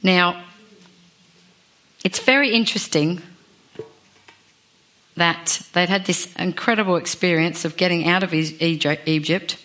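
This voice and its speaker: A woman's voice: lowish voice, steady tone, a little slow, long pauses, a bit bright. A woman preaching a sermon in a chatty, self-deprecating way, asking the congregation questions. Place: church.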